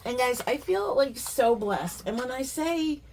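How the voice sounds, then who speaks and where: A middle-aged woman chatting casually as she unboxes beading supplies, rambling, warm-hearted and quick to get emotional. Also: sits high, animated, gravelly, slight background noise. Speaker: beading vlogger.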